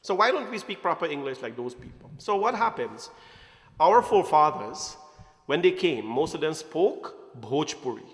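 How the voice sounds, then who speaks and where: A man from Guyana with a Guyanese accent, giving an animated satsang talk to a congregation and calling them "my friends". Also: fairly high pitch, normal speed, big-room sound. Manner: animated, addresses audience as "my friends", asks questions. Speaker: religious speaker.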